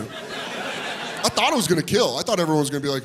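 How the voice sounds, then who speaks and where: A man tells stand-up stories on a comedy club stage, his pitch leaping around as he acts out people's voices. His voice sits a little high for a man. Audience noise is clearly audible behind him through the handheld mic. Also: huge pitch swings, unhurried. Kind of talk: stand-up storytelling.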